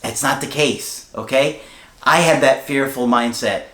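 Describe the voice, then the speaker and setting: Male coach, chatty advice talk, medium pitch, roomy reverberant sound. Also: unhurried, a bit bright. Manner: conversational, storytelling with fillers. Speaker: relationship coach. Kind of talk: casual advice talk to camera. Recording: roomy echo.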